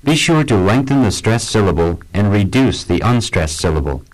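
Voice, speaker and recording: A man's voice: on the low side, lively intonation, moderate pace, rough recording. A man narrating chapter headings and instructions for a pronunciation course. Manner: announces chapters and instructions clearly.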